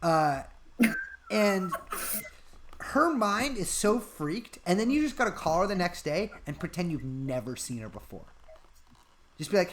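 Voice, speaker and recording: A man's voice: sits high, big pitch swings, fairly quick, a little hiss or hum. Guy on a stream just rambling some ridiculous advice bit, dead serious about it. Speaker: podcast co-host. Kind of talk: comedic live-stream chat.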